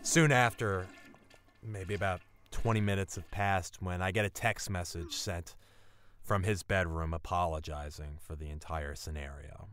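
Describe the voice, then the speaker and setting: A man telling a personal story, wry and animated. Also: a little slow, smooth. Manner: wry, animated storytelling with lively pitch swings. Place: apartment life in New York City.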